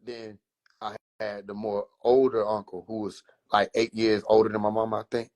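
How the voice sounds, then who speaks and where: A man livestreaming from his phone, casually telling animated, profane childhood stories and laughing between lines. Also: lowish voice, normal speed. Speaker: comedian livestreamer. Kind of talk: casual comedic storytelling.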